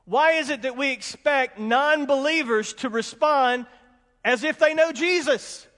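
A man's voice: very high voice, unhurried, fairly bright tone. A man preaching a sermon as pastor, emphatic and folksy, repeating his warnings with humorous asides. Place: church sanctuary with congregation. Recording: long hall reverb.

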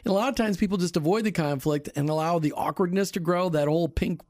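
A man co-hosting a Christian marriage radio talk show, speaking in an animated, emphatic and lightly preachy way into a studio microphone. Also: high-pitched, fast talker, dry recording. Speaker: radio co-host.

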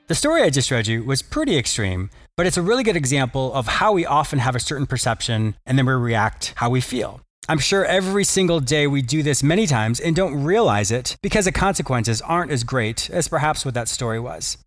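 A man's voice: medium pitch, sing-song, fairly quick, dry recording. A man hosting his own podcast and radio show as a psychotherapist, opening with an upbeat, promotional intro and then moving into an explanatory teaching talk.

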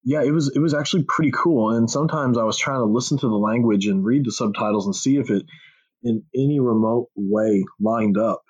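This podcast host from Texas has a mid-range, darkish voice with a breathy edge and talks a little fast. His casual chat is rambling, profane and self-mocking, captured in dull lo-fi audio.

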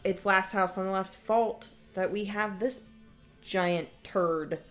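Sarcastic woman with a bright voice. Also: medium pitch, steady tone, takes it slowly, faint music behind. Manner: blunt, sarcastic, mocking. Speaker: podcast guest. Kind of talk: casual movie commentary.

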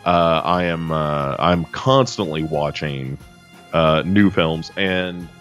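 A man's voice: extremely low pitch, slow pace, a bit bright, soft background music. A man chatting casually on a podcast, rambling with lots of fillers. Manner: rambling, full of fillers and restarts. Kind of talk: casual chat.

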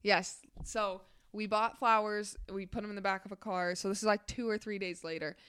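Young woman podcast co-host, animated storyteller, mid-pitched, giggly. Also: normal speed, smooth, no room sound, studio quality. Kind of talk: casual chat.

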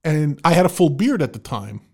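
A man in a loose podcast chat, unspooling a story with lots of "you know" and "like". His voice sits a bit on the high side. He stays laid-back and conversational. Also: sing-song, a little fast, creaky. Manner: rambling, laid-back anecdote telling with frequent fillers. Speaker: podcast co-host.

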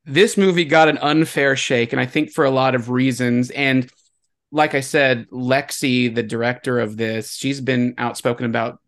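A man's voice: mid-range voice, fairly even intonation, moderate pace, fairly bright tone. A man hosting a casual film podcast, chatting loosely and laughing often. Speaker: podcast host. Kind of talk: casual chat.

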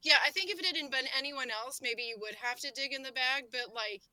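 A woman co-hosting a casual chat, talking in quick, chatty asides. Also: high-pitched, a crowd in the background, poor audio.

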